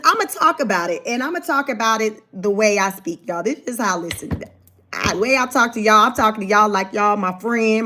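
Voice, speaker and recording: A woman, talking straight to her viewers. She tells her story in an animated, chatty way and laughs often. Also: fairly high pitch. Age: 40s. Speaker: vlogger. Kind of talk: casual livestream storytelling.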